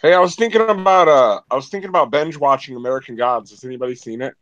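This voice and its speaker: A man making quick wisecracks in a casual group chat. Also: mid-range voice, a bit bright, dull audio.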